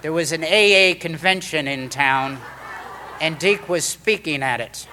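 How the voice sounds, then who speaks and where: A man's voice: on the high side, measured pace, background noise. A middle-aged man telling a story from his recovery to a meeting, acting out the voices of the people in it. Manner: animated storyteller, acts out quoted voices.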